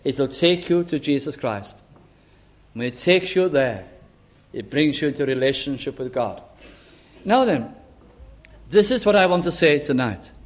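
Earnest high-voiced male preacher. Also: expressive, unhurried, long pauses. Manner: earnest, emphatic, acts out quoted voices. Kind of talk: evangelical sermon. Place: chapel service.

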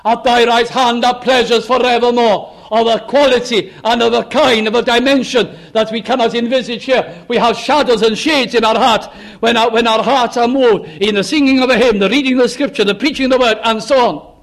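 Preacher, man, high-pitched, fervent rhythmic sermon delivery. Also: steady tone, a little fast, hardly any pauses. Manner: fervent, rising to emphatic repeated cries then dropping to hushed close.

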